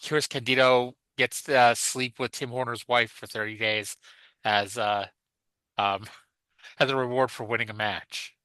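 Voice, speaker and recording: Bright-voiced joking podcast host, a man. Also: medium pitch, smooth, no room sound, low-quality recording. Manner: joking, swears freely, laughs often. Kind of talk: casual chat.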